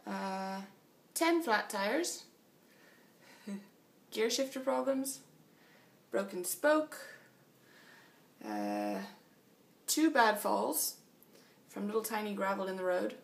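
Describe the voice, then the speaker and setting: A woman's voice: medium pitch, sing-song, slow pace, vocal fry, long pauses, distant mic. A tired woman chatting casually in a video diary about her cycling trip, laughing often, in a small motel room. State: tired after a long flight. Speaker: long-distance cyclist vlogging.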